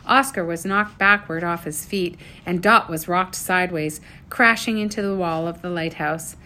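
A woman narrating a children's adventure story aloud, reading in an animated, expressive way. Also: lowish voice, normal speed.

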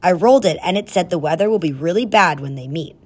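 A woman voicing a bright, clever young girl in a storybook reading. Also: on the low side, animated, fast, husky. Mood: scheming. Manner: bright, chatty.

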